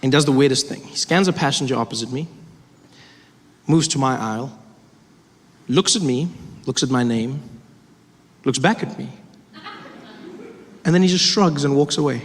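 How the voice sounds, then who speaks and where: A man doing stand-up comedy, telling a story with animated delivery and acting out other people's lines. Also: mid-range voice, normal speed, pauses often. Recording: hall reverb with audience noise.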